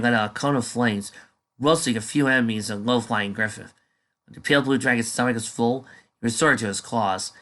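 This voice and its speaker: A man's voice: fairly low pitch, sharp tone. A man casually reading a fan story aloud, dropping offhand asides between passages. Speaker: fanfiction reader.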